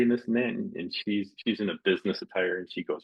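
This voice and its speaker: A man's voice: deep voice, fast talker, vocal fry, slightly rough, muffled recording. A man hosting a casual interview, telling stories and acting out the voices of people in them. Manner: animated storyteller, acts out quotes. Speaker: podcast host.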